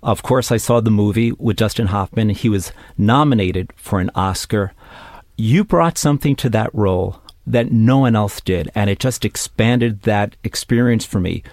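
A man's voice: on the low side, moderate pace, darkish tone, dry recording, studio quality. A man hosting an interview show, delivering an upbeat scripted introduction before interviewing his guest. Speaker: podcast host and interviewer.

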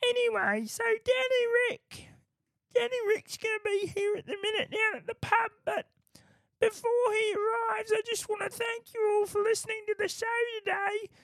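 A man putting on a high, creaky voice for a chummy little male pub regular in a podcast comic bit. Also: normal speed, dry recording, full character voice. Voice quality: squeaky, creaky falsetto. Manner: matey, greets everyone warmly.

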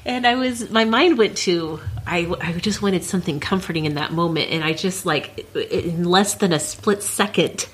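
A woman's voice: fairly low pitch, normal speed, few pauses, a little hiss or hum. A woman hosting a casual podcast with her husband, giggly and playfully teasing. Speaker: podcast host. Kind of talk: casual chat.

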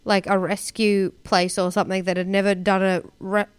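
Smooth, dry-sounding woman chatting. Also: medium pitch, little pitch movement, normal speed, no echo. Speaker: podcast co-host. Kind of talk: casual chat recapping a TV show.

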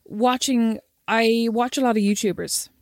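A woman's voice: fairly high pitch, unhurried, darkish tone, dry recording. A woman chatting casually as a podcast co-host, teasing her friend dryly and often asking "you know what I mean". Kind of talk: casual chat.

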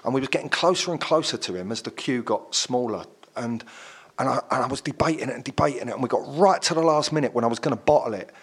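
A man's voice: medium pitch, lively intonation, fast talker, slightly rough. A middle-aged man, chatting casually as a guest and rambling through stories with lots of fillers. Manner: rambling storyteller with many fillers. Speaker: actor guest. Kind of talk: casual chat.

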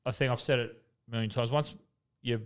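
A man in his thirties with an Australian accent speaks at a medium pitch, his clean voice steady and a little quick. He's a retired footballer appearing as a guest on a casual podcast, telling candid, rambling stories full of swearing and laughter.

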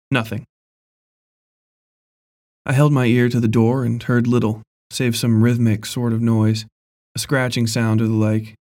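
In a calm, even storytelling tone, a man with a medium-pitched voice narrates a scripted horror tale. He reads at a measured pace throughout.

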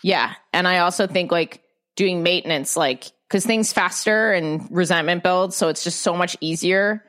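Low-voiced woman chatting candidly. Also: moderate pace, fairly bright tone. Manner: candid, swears casually, trails into restarts. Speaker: podcast guest. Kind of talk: casual podcast chat.

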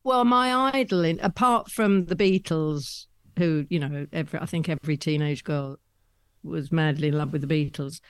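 A woman's voice: low-pitched, normal speed, smooth, dry recording, studio quality. Chatty woman in her 70s. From London, England. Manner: chatty, rambling storyteller with frequent soft laughs. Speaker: guest. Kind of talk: conversational anecdotes.

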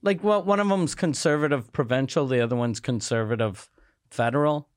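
A man's voice: medium pitch, a little fast, no echo, clean studio sound. A man from City, co-hosting a podcast in blunt, joking casual chat. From Quebec City. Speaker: podcast co-host and comedian.

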